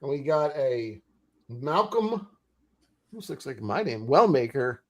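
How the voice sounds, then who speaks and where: Medium in pitch and fairly bright, this man's voice is very animated yet slow-paced. As host of a casual card pack-opening stream, he's talkative and eager, with frequent laughter.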